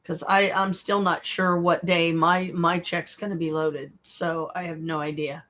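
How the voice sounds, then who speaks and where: A woman's voice: on the low side, flat delivery, a little slow, a bit bright. A woman talking in a casual livestream monologue, rambling, blunt and exasperated, swearing freely as she speaks straight to a viewer. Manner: speaks to one viewer directly.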